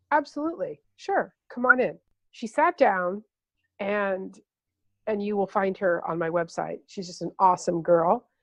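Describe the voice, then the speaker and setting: A woman's voice: mid-range voice, a little mellow, dry recording, highs cut off. A middle-aged woman coach in a podcast interview, telling stories and repeating phrases for emphasis. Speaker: intuitive empowerment coach, guest.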